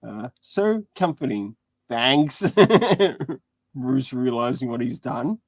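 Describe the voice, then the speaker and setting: Giggly streamer, webcomic read-along, slow pace, animated pitch, dry close mic. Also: dry recording. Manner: giggly, laughs often while reading. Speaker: livestream host reading a webcomic. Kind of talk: casual read-along commentary.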